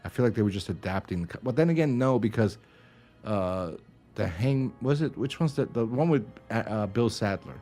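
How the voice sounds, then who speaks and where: A man's voice: lowish voice, animated, normal speed, mellow, faint music behind. A man co-hosting a podcast in casual chat, rambling, laughing and swearing as he retells stories. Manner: rambling, swears and laughs often, acts out quotes. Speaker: podcast co-host.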